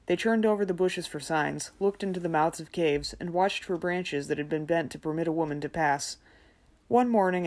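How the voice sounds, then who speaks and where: A woman narrating a fairy tale audiobook in a measured, gentle storytelling manner. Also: fairly low pitch. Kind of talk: scripted narration.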